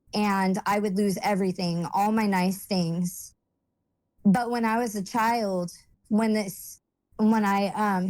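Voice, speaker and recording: Halting young woman, dry close sound. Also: mid-range voice, a little mellow, no room sound, low-quality recording. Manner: halting, searching for words; emotional, holding back tears. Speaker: vlogger telling her life story. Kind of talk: personal testimony, casual monologue.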